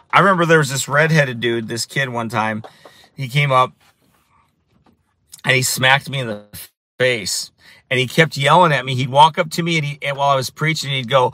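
Bright-voiced man recounting preaching encounters. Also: mid-range voice, dry recording. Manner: repetitive, restarts phrases for emphasis. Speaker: street preacher. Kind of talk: casual storytelling monologue.

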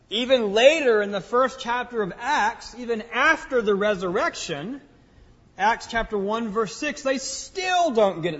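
Male pastor, higher register, earnest sermon delivery, muffled church-hall recording with long echo. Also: fairly bright tone, husky. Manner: earnest preaching, swells and drops in volume. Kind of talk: expository sermon.

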